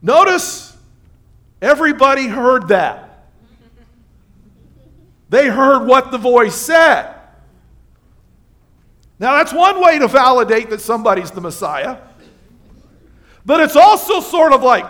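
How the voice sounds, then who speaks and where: A male pastor preaching a sermon, reading scripture and bantering with the congregation in an animated way. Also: extremely high pitch. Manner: animated preaching with asides and quick exchanges with the congregation. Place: church livestream.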